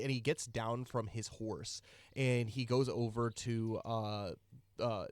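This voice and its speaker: A man narrating a tabletop game as game master, in a relaxed way with many fillers. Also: medium pitch, slow, clean tone, no room sound, studio quality.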